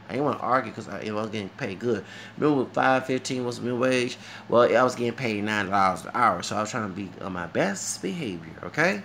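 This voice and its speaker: A man with a Southern drawl delivers a heated, mocking vlog rant, slipping Spanish words in among his English. His voice is gravelly and sits at a middle pitch. A faint ambient hum runs under him. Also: a bit bright. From United States. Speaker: vlogger. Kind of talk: ranting monologue to camera.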